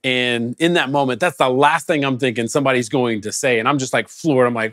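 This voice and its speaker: A man's voice: medium pitch, fairly quick, hardly any pauses, dry recording, clean studio sound. A male pastor giving a conversational sermon, telling stories and acting out quotes. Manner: conversational, animated storytelling with acted quotes. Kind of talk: casual sermon. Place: recorded away from the congregation during lockdown.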